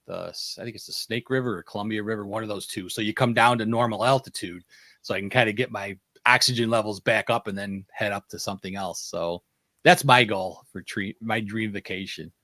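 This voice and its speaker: M: animated male host, dry sound. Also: lowish voice, fairly quick, dry recording. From United States. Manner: animated storyteller who acts out quotes. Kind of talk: casual panel chat.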